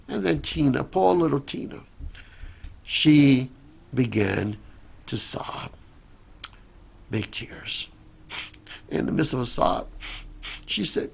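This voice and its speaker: A male pastor telling a story in a sermon, dramatic and repetitive, swinging from soft to loud. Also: medium pitch, lively intonation, takes it slowly, vocal fry, long pauses, slightly rough.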